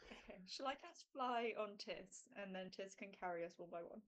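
Woman, tabletop player, sarcastic, practical, mid-pitched. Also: normal speed. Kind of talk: casual chat at a tabletop game.

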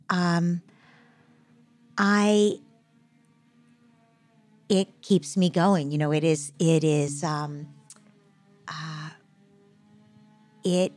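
A woman guest speaking in a podcast interview in a slow, reflective and halting way. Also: fairly low pitch, a little mellow. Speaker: guest, parenting psychologist. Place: Brooklyn brownstone.

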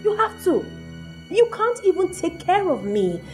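A woman's voice: very high voice, sing-song, measured pace, soft background music, heavily acted. A Nigerian actress playing a haughty young woman who coldly lectures and dismisses her boyfriend. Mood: scornful. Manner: cold, scornful, lecturing. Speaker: actor. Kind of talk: film acting.

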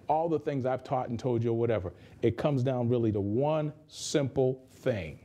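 Pastor guy preaching easygoing from a radio studio, says things twice for emphasis, mellow voice. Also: mid-range voice. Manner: conversational, repeats phrases for emphasis. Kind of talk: sermon.

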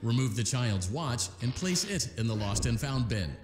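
A man voicing a calm game instructor, roomy reverb. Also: medium pitch, lightly acted. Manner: polite, measured instructional delivery. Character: calm male repair-task instructor. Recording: game audio with long reverb and music.

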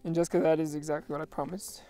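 A young groom with a mellow, dark-toned voice reads his vows while tearful. He laughs nervously between lines, and soft music plays faintly behind him. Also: fairly high pitch, little pitch movement, racing. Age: young adult. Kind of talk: reading wedding vows.

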